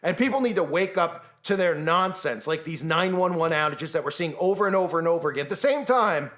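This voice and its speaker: High-voiced man ranting sarcastically. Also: lively intonation, brisk, a bit bright. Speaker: channel host. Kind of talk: conspiracy commentary monologue.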